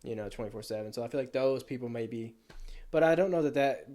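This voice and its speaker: A man's voice: mid-range voice, fast. A man hosting a podcast, chatting casually and agreeing often with short replies. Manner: relaxed, agreeing, with short backchannels. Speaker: podcast host.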